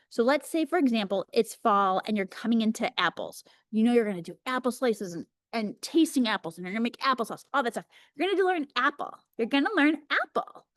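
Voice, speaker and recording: A woman in her thirties teaching an early childhood workshop over a video call, chatty and energetic, slowing down to demonstrate words. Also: fairly high pitch, no echo, studio quality. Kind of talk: teaching a live webinar.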